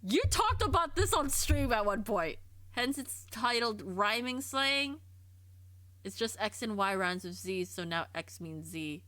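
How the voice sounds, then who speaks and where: A woman streamer chatting casually on a livestream, curious and quick to laugh, often stumbling and repeating herself as she thinks aloud. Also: mid-range voice, big pitch swings, pushed and bright, dry recording. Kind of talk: casual livestream chat, reading and answering chat.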